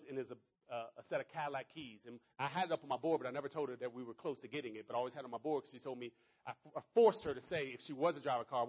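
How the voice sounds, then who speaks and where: A middle-aged man giving a motivational talk to a live audience, telling stories and acting out both sides of the dialogue. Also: dull audio. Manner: animated, pitch rising sharply when excited. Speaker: motivational speaker.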